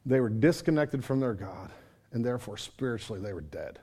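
A man's voice: mid-range voice, animated, a little fast, warm tone, husky. A man preaching a sermon at a church service, talking conversationally, asking the congregation questions and acting out his own complaints to God. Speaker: pastor.

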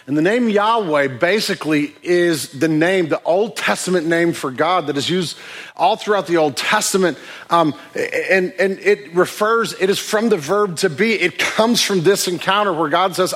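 A man's voice: sits high, moderate pace, fairly bright tone. A man preaching a sermon in a conversational way, often restarting his phrases. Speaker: pastor.

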